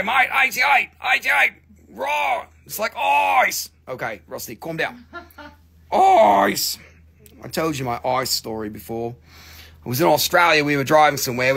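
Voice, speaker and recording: A man with a gravelly, slightly high voice pitches stones live into his phone. He jokes and swears freely, and his grammar is loose and broken. The feel is a casual sales stream. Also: fairly bright tone. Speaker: host selling crystals on a live stream.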